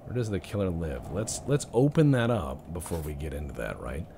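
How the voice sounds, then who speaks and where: Young male gamer, joking commentary, swooping pitch, noisy recording. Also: animated, normal speed. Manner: joking, mutters to himself. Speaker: let's-play gamer. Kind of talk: casual game commentary.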